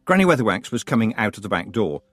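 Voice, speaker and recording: A man narrating a fantasy audiobook with expressive, wry storytelling. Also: lowish voice, fast talker, no echo, studio quality, soft background music. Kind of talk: scripted narration.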